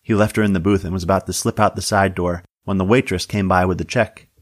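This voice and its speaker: Deep-voiced male audiobook narrator. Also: steady tone, fast.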